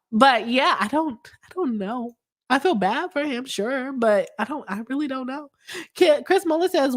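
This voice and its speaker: A woman, a lawyer chatting her way through a live stream and reading viewer comments aloud. Her voice sits a little high, and she laughs often. A cold leaves her coughing now and then.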